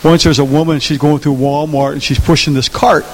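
Male pastor, gravelly higher voice, sermon to a congregation, faint hiss. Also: fairly even intonation, fairly quick, low-quality recording. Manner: asks the congregation questions, storytelling. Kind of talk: Mother's Day sermon. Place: church.

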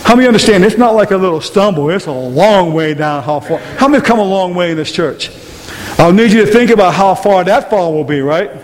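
In a big room full of listeners, a man preaches emphatically, his high voice expressive and fairly quick, returning again and again to rhetorical questions. Long hall reverb and a faint hiss color the recording.

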